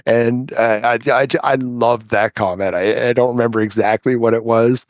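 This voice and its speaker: A man as an interview guest, telling stories in a relaxed, rambling way and chuckling often. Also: medium pitch, normal speed, no echo, highs cut off. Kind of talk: casual storytelling chat.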